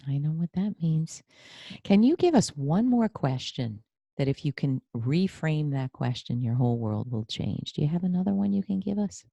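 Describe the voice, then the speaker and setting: A woman hosting a podcast interview as a career coach, effusive and animated, telling personal stories. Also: sits low, moderate pace, vocal fry, dry recording.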